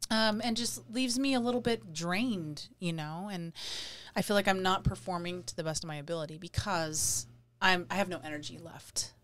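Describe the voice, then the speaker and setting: A woman co-hosting a casual talk, reflecting calmly on her own experience. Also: lowish voice, moderate pace. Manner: reflective, speaking from personal experience. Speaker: podcast co-host. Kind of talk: casual conversation on emotions.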